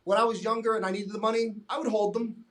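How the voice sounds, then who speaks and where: A man's voice: high-pitched, flat delivery, fast talker, fairly bright tone. A man talking as a fitness coach in a casual podcast conversation. He is blunt and emphatic, swears freely, and acts out exchanges with his clients in quoted voices.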